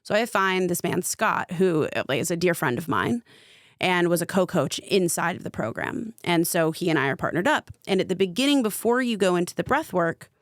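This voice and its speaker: Chatty woman with a gravelly low voice. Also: animated, a little fast, no echo, clean studio sound. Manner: chatty, fillers of "like", vivid retelling. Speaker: podcast guest, spiritual coach. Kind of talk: casual storytelling.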